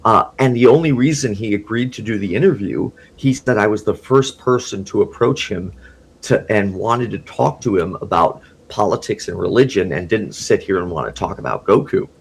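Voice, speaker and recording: A man guesting on a podcast, rambling excitedly through a casual story and laughing often. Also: on the low side, moderate pace, vocal fry, breathy edge.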